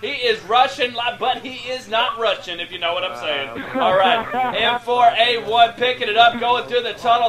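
A man giving excitable, profane, joking play-by-play commentary over an online shooter match. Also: extremely high pitch, moderate pace, few pauses, a crowd in the background. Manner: excitable, hyped, laughing, swearing freely. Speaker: gameplay shoutcaster.

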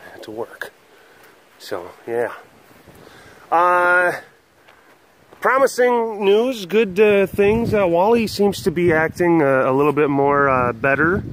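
A man hosting a webcast from an animal compound, talking in a rambling, animated way and cooing at the animals, recorded outdoors on a windy day with a handheld camera. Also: high-pitched, takes it slowly, long pauses. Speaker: host of an animal facility webcast. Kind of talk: casual vlog chat.

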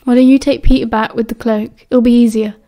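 A woman's voice: on the high side, flat delivery, a little fast, dark tone, natural voice. A woman voicing a wry, caring teenage boy wizard in an audiobook, with a dry, teasing delivery.

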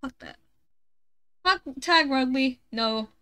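A woman's voice: sits high, lively intonation, takes it slowly, sharp tone, clear, resonant tone. A woman streaming a game, chatting casually, swearing freely and teasing her friends. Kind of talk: casual chat while gaming.

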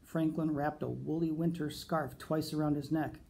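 A man who teaches reads a children's picture book aloud in a gentle, unhurried way. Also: a little high, steady tone, vocal fry, a little hiss or hum. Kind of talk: storybook read-aloud.

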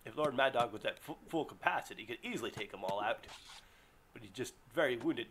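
A man commentating his own gameplay, excitable, yelping and groaning as things go wrong. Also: medium pitch, brisk, slight background noise. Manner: excitable, yelps and groans at setbacks. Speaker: let's play gamer. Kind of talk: live game commentary.

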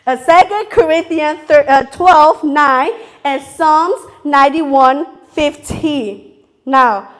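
High-voiced woman preaching in English, her third language. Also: takes it slowly. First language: not English (English is her third language). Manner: earnest, confessional, asks the audience "okay?" often. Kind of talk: sermon.

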